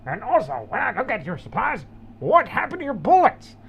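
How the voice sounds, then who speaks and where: A man voicing a gruff old frontier trading-post keeper who is grumpy and threatening, in a high, gravelly voice. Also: huge pitch swings, a little fast, dull audio, slight background noise, exaggerated voice.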